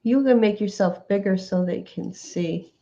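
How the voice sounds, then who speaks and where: A woman's voice: medium pitch, normal speed, warm tone. A woman joining a crafting stream over a video call, chatting casually. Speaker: co-host crafting friend. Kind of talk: casual chat. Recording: dull lo-fi video call audio.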